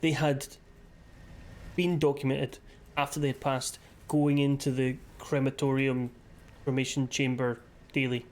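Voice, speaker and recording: A man's voice: medium pitch, level tone, a little slow. A man streaming a game live and chatting casually, with rambling, sweary asides.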